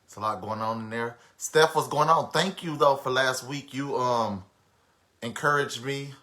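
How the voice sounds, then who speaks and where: Male live-stream host, bright forceful tone, casual chatty delivery with viewer shout-outs. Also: medium pitch, a little slow. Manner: chatty, greets viewers by name, many fillers.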